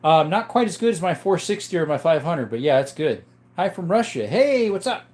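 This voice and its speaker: A man's voice: fairly high pitch, big pitch swings, fairly quick, a little mellow. A young man hosting a casual livestream, reading chat and greeting viewers by name in a chatty, upbeat way.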